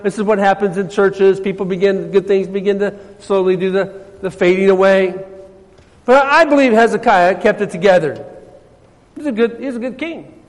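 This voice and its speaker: High-voiced preacher man in a reverberant hall. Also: moderate pace. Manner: swings between loud emphasis and soft, hushed passages. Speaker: pastor. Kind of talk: sermon.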